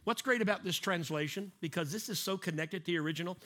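A man's voice: high voice, fast, sharp tone. A middle-aged man preaching a sermon in a conversational way, acting out little scenes and repeating key lines for emphasis. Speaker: pastor.

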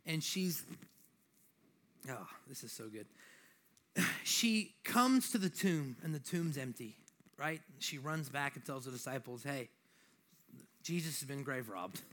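A man's voice: fairly high pitch, fairly bright tone. Young male preacher with a slight lisp. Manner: conversational, joking, building to emphatic exhortation. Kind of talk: sermon.

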